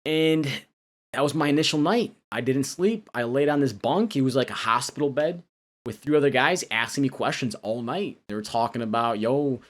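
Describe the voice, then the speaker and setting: A man's voice: mid-range voice, expressive. Young man telling a prison story. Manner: loose, halting, full of restarts and slang. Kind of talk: personal storytelling.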